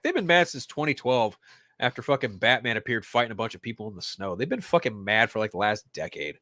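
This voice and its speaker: A man of middle pitch hosts a pop-culture show in a loose, foul-mouthed rant. He swings from mumbled asides to loud mocking jeers. The recording is close and dry, with no room sound. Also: dry recording. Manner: swears constantly, mock-crying outbursts and animated swings. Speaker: podcast host.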